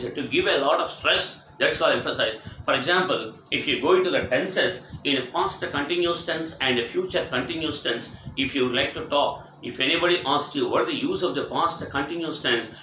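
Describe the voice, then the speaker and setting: In a vocabulary lesson, a man teaches English words by spelling them letter by letter, explaining and repeating each meaning, and asking whether it's clear. His medium-pitched voice has a sharp tone and a repetitive, explanatory manner, recorded in an echoey room with faint ambient noise.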